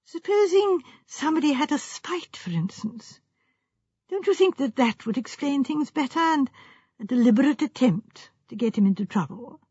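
A woman reading the part of a gentle, fussy old spinster who talks in a prim, hesitant, musing way. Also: high-pitched, animated, moderate pace, no room sound, pitched above the performer's own voice. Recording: slightly dull, dry recording.

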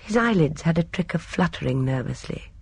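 A woman reading a novel aloud as a narrator, in measured storytelling. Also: sits low, expressive, creaky, a little mellow, husky, no room sound. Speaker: audiobook narrator. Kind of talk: scripted narration.

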